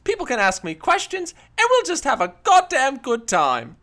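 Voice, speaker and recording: A man's voice: extremely high pitch, wildly swooping pitch, normal speed, sharp tone, pitched above the performer's own voice, exaggerated voice. A man on a podcast doing a comic impression of a gushing, flamboyant older woman performer with a put-on Cockney-style accent. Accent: put-on Cockney-style English.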